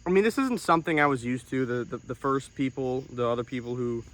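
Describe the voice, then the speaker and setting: A young man in a comedic monologue, self-important and deadpan, breaking into outraged, swearing outbursts. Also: medium pitch, fast talker, a little hiss or hum. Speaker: comedic storyteller in character.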